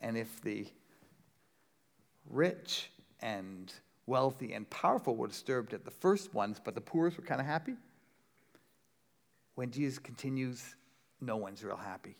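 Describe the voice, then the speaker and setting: A man preaching a sermon in a conversational, rhetorical way, often checking in with a quick "right?". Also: medium pitch, animated, vocal fry. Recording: long reverb of a large hall.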